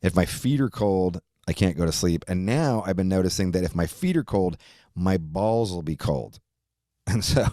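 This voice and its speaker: A deep-voiced man in his fifties hosts a podcast and tells a rambling personal story, full of swearing and frequent laughter. The sound is dry and close, with no room around it. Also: lively intonation, normal speed, dark tone, dry recording. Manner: rambling, profane, laughs often. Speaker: podcast host. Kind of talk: casual storytelling chat.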